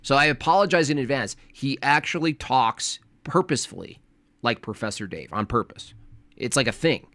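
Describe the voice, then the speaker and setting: A man's voice: medium pitch, animated, normal speed, a bit bright, no room sound. A man hosting a live stream, reacting to a debate clip in casual chat with a mocking, sarcastic manner.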